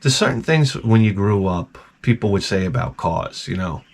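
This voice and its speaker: A man hosting his own video, telling a rambling, profane story in an animated, casual way. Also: fairly low pitch, moderate pace, a little hiss or hum. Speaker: video host.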